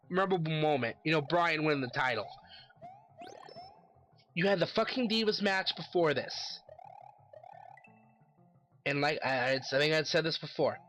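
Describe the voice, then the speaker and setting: A man's voice: a little high, bright, forceful tone. A man giving a casual solo commentary, ranting animatedly and swearing constantly. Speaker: wrestling commentary vlogger.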